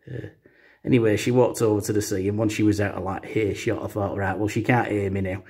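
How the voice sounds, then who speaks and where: Male vlogger, deadpan storyteller, lowish husky voice, lots of hesitations. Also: a little fast. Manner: rambling, full of uh fillers. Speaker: comedy vlogger.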